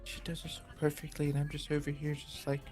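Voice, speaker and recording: A man voicing a shy young woman who frets softly under her breath in a hushed, quiet way. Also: on the high side, completely flat delivery, fast, faint music behind, lightly acted. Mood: fretful. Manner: quiet, fretful, mumbled. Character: shy timid young woman, soft-spoken.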